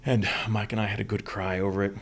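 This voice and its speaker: An American man, a guest voice actor, tells stories in a casual interview, animated and swearing freely as he acts out quoted lines. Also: on the low side, fast talker, vocal fry. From United States.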